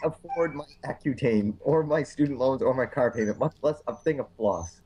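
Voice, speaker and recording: A man co-hosting a podcast, telling profane, animated stories with a chesty cough. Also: mid-range voice, moderate pace, breathy edge. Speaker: podcast co-host. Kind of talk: casual chat.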